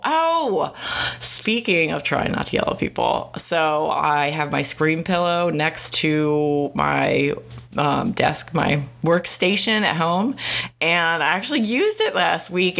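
A woman's voice: deep voice, fairly bright tone. A woman hosting a casual podcast monologue, rambling and profane, often laughing in the middle of sentences. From United States. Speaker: podcast host.

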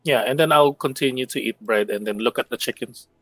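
A man's voice: medium pitch, fairly quick, fairly bright tone, slight background noise. A man playing a tabletop game, chatty and giggly as he describes what his character does. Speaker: player. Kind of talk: casual tabletop play.

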